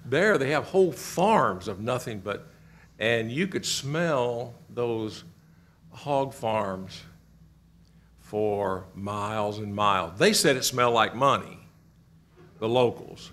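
A middle-aged man from Kentucky leads a Bible class in a church classroom. He asks the group questions, echoes their answers and leans on key words with lively emphasis. His voice sits at an ordinary middle pitch. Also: takes it slowly.

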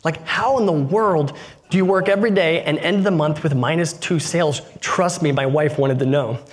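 A man on stage tells a story from his own life in a relaxed, conversational way, and slips into the voices of the people in it as he goes. His voice sits a little high for a man. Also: moderate pace. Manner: conversational, acts out dialogue in anecdotes. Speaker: keynote speaker. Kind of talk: storytelling keynote talk.

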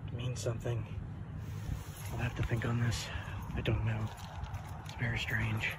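A man hunting for flint outdoors along a creek, talking casually and excitedly to his camera and laughing often. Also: mid-range voice, moderate pace. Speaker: flint knapping vlogger. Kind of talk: casual outdoor vlog narration. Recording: noisy outdoor recording.

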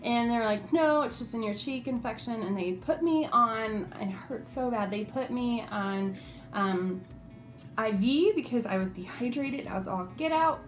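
A young woman vlogger telling a personal story in a casual, animated way, acting out the quotes as she goes. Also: on the high side, a little slow, soft background music.

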